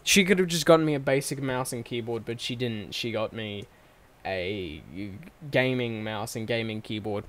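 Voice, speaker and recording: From his home bedroom setup, a young man addresses his channel in a medium-pitched, fairly bright voice at a moderate pace. The talk is a loose vlog monologue full of rambling, swearing and self-correction, captured by a microphone standing on his desk.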